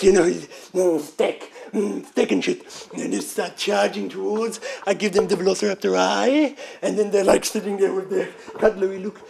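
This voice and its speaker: High gravelly man rambling comic story. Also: a little hiss or hum. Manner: excitable, profane, laughs through his own bits. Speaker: stand-up comedian.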